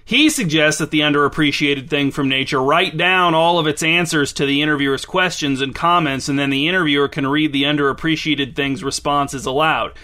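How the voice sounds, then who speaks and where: A man's voice: a little high, bright, forceful tone. A man hosting a podcast, delivering a sarcastic, exasperated comedic monologue. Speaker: podcast host.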